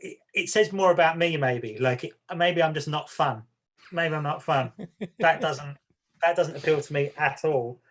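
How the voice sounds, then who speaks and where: Rambling wry man, fairly high voice. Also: moderate pace. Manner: rambling, self-deprecating, wry. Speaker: podcast co-host. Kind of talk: casual chat.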